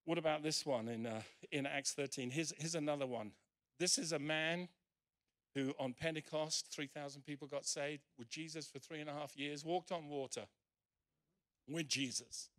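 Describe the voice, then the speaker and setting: A man's voice: on the high side, moderate pace, a bit bright. A male pastor preaching emphatically at a church service, acting out the scripture quotes he reads. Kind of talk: sermon.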